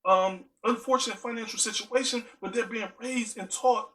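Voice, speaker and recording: A man's voice: very high voice, steady tone, moderate pace, a bit bright, low-quality recording. A man giving an earnest spoken monologue, driving his points home with strings of rhetorical questions.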